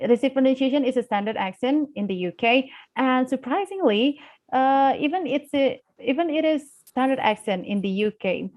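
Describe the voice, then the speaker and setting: A woman's voice: a little high, darkish tone. A young woman with an Indonesian accent, a guest speaker in a live online class, talking with many fillers and restarts.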